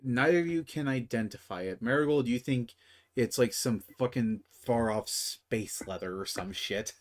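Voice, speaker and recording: With a medium-pitched voice at normal speed, a man narrates as game master for a tabletop game. His delivery is casual and profane, packed with fillers.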